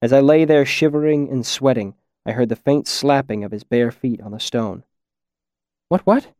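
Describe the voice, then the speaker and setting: A man narrating a first-person audiobook in a measured, quiet reading. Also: medium pitch, fairly even intonation, no room sound, studio quality.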